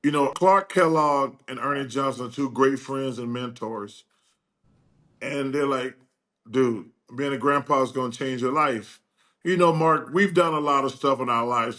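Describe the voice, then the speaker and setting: An older man telling stories as a guest in a casual chat, acting out quoted dialogue with lively energy. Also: mid-range voice. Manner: animated, acts out quoted dialogue.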